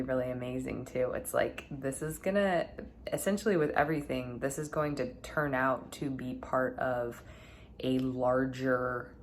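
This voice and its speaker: A woman vlogging at home, talking earnestly and thoughtfully to camera, often pausing with "like" and "you know". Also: very deep voice, slight background noise. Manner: earnest, musing, many fillers like "like". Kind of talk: reflective personal talk to camera.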